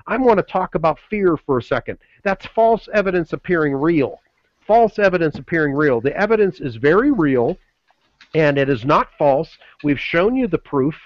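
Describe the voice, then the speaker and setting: A man co-hosting a webinar, delivering a pushy motivational sales pitch full of repeated slogans. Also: sing-song, moderate pace, no echo, muffled recording. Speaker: webinar co-host.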